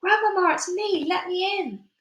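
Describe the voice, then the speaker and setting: A woman voicing a brave, excitable young boy, heard in an echoey room. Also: high voice, a little fast, voice pushed up. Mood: excited. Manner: eager, excited.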